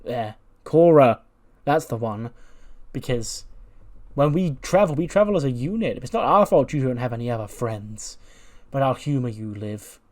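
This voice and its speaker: A man's voice: medium pitch, lively intonation, normal speed, a little mellow, close to an everyday voice. A man voicing a smug, condescending female wrestling champion who taunts her rivals. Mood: mocking. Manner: mocking, condescending.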